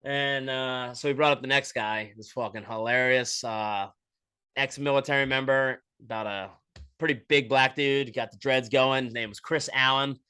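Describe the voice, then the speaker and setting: A young man hosting a podcast, telling a story in a profane, animated way and quoting voices as he goes. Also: medium pitch, normal speed, smooth. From Florida, USA. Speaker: podcast host. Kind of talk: casual storytelling monologue.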